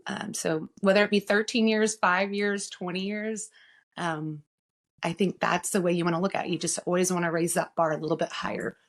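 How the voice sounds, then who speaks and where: A woman with a somewhat low voice talks as a guest in a casual podcast conversation. She sounds earnest and reflective. She often stops with "um" while she works out what she means. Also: fairly even intonation. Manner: earnest, reflective, pauses with frequent "um". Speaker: guest, insurance agency owner.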